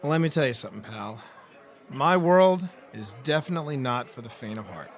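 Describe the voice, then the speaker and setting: A man's voice: mid-range voice, lively intonation, moderate pace, some chatter behind. A man narrating a first-person hard-boiled detective audiobook, with a wry storytelling delivery.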